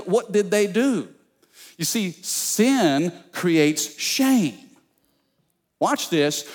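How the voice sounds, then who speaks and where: Pastor guy preaching, kinda high voice, animated stories, big echoey sanctuary. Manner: storytelling, animated, calling out to the congregation. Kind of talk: sermon. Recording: long church reverb.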